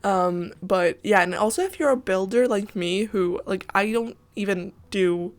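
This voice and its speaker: A woman's voice: medium pitch, unhurried. Young woman, sick, stuffy blocked nose, casual rambling chat, lots of fillers. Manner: chatty, rambling with many ums and likes. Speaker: Sims builder vlogger.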